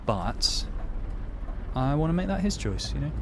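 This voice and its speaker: A man's voice: a little high, sing-song, a little slow, noisy background. A man chatting casually with his live-stream viewers while playing a truck game, joking about himself and answering their messages. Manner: chatty, self-deprecating, reads out and answers chat.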